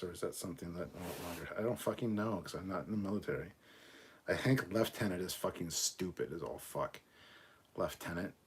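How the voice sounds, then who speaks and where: Deep-voiced man, casual and profane. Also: breathy edge. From Canada. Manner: casual, swears often, laughs between remarks. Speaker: livestream host reading chat. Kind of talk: casual livestream chat.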